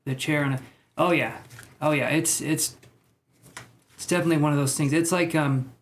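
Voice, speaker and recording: A tarot reader streams live for his viewers, breathless as he chats and makes self-mocking jokes. His voice sits on the high side with fairly even intonation at normal speed, and there's a little hiss or hum.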